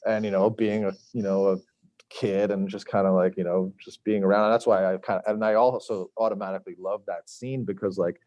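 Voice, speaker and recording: In a dry recording, a middle-aged Long Island man talks fairly quickly with a lowish, darkish voice and flat delivery. A chef guesting on a podcast, he tells casual stories in a rambling way, heavy on fillers and quotes he acts out.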